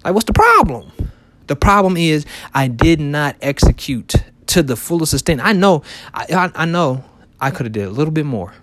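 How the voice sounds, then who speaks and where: Speaking at a normal speed with lively intonation, this man's voice is a little high and fairly bright, captured in a dry recording. He's a shoe reseller and vlogger in his thirties, chatting motivationally to viewers in a rambling way packed with fillers and false starts.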